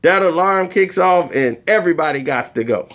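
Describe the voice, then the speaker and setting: A man telling a comedic story in an animated way, acting out the voices of the people in it. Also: fairly high pitch, moderate pace.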